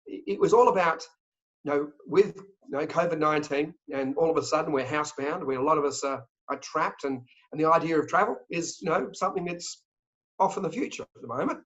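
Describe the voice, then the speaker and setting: An Australian man talking fast and joking as a travel company sales director in an interview. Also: on the high side. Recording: dull lo-fi audio.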